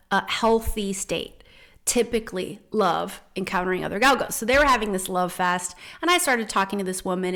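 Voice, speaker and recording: A woman hosting a spiritual podcast in a casual, earnest way. Her voice sits at a middle pitch, and her storytelling turns animated and heartfelt. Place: home in the Netherlands.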